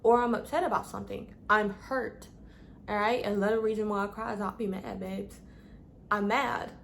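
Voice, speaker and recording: A woman's voice: medium pitch, fairly even intonation, normal speed, gravelly, a little hiss or hum. Woman vlogger, chatty and casual, trips over long words. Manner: chatty, calls listeners "babes", stumbles over words. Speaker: lifestyle vlogger. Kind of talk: casual advice vlog.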